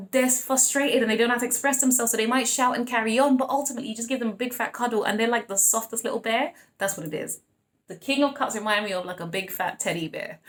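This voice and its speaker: A woman giving a casual tarot reading, chatting freely, laughing often and acting out the voices of the people she describes. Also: fairly high pitch. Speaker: tarot reader.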